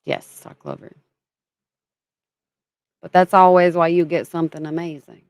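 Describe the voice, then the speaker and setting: A woman's voice: on the low side, level tone, normal speed, no room sound. A woman from Kentucky hosting a casual livestream, chatting and greeting viewers by name as she talks. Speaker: livestream host.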